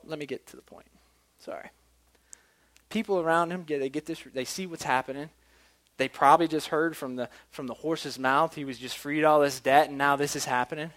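A man's voice: fairly high pitch, a bit bright. A man preaching a sermon in a casual, chatty way, often restarting his words.

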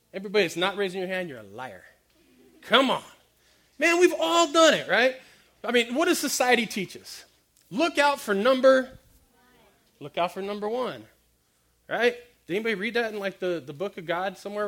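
A man giving a lively comic sermon, quizzing the crowd and acting out little stories. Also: sits high, quick pace. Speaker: preacher speaking to a youth audience.

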